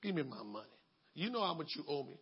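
A man voicing an impatient male creditor who bullies a debtor for his money, in a gruff, pushy way. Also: a little high, very animated, fast, highs cut off, voice pushed down, heavily acted. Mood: demanding.

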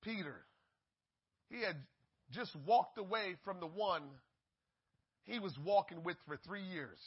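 A man preaching a sermon, swinging from shouted peaks to hushed asides and acting out the voices in the story. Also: sits high, a little slow, pauses often, slightly rough, dull audio.

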